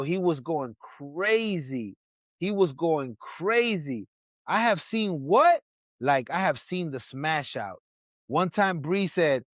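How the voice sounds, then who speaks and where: A man from New York hosting a podcast, telling stories in a casual, animated way and acting out what other people said. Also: fairly high pitch, no echo. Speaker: podcast host. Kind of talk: casual storytelling chat. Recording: dull lo-fi sound.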